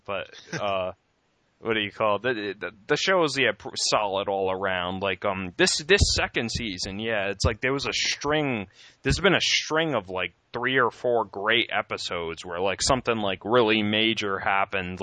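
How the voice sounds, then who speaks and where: A man's voice: on the low side, normal speed, sharp tone, no room sound. A young man co-hosting a podcast, chatting casually with many fillers and acted-out quotes. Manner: rambling, lots of fillers, acts out quotes. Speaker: podcast co-host. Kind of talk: casual chat.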